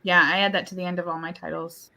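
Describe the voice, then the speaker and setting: Bright woman reading viewer comments. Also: fairly low pitch, flat delivery, quick pace, creaky. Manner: informative, reads viewer comments. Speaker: co-host. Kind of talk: casual chat, relaying comments.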